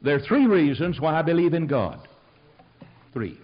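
A man's voice: fairly high pitch, big pitch swings, normal speed, highs cut off. An older man from Tennessee with a Southern accent, preaching a sermon in a folksy storytelling manner that rises to emphatic exhortation.

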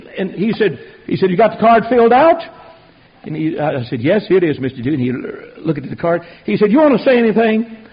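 An older man preaching a sermon, telling folksy stories that swing from quiet asides to loud outbursts. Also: sits high, breathy edge. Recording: dull lo-fi radio recording.

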